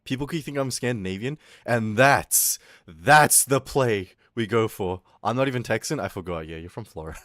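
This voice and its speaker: A young man streaming, chatting with his chat in a loud, swearing, laughing, animated rant. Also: fairly low pitch, normal speed, dry recording, studio quality. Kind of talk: casual stream chat reading chat.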